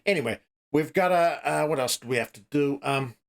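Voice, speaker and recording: A man's voice: fairly high pitch, fairly quick, creaky. A man playing a boastful crypto promoter with a put-on slight American accent, rambling through buzzwords with lots of fillers. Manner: rambling, filler-heavy, salesy.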